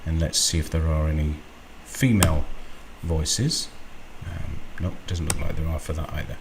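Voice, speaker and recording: Guy doing a screen tutorial, low voice, slow and chatty, lots of ums. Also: fairly even intonation, noisy background. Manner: unhurried, thinking aloud with ums. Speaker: tutorial host. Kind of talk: screen-recorded software walkthrough.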